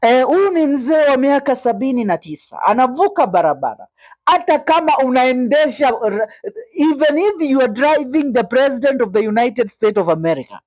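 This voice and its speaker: Kenyan-accented woman, fairly high voice, dry close sound, indignant news commentary, rhetorical questions. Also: darkish tone, no echo. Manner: indignant, rhetorical, switches to Swahili.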